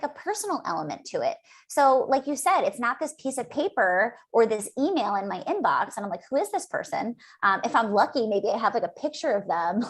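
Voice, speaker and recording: A woman's voice: medium pitch, a bit bright, husky. A woman guest on a podcast, talking in a chatty, enthusiastic way with lots of fillers and acted-out asides. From United States. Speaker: guest speech-language pathologist. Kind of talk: casual podcast interview.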